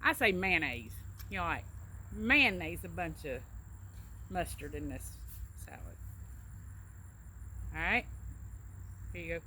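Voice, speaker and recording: There's a little hiss or hum as a middle-aged Alabama woman with a Southern drawl, a travel agent co-hosting an accent-tag chat, casually explains how she says words using short anecdotes. Her low voice is pushed and bright, with lively intonation, an unhurried pace, and frequent pauses.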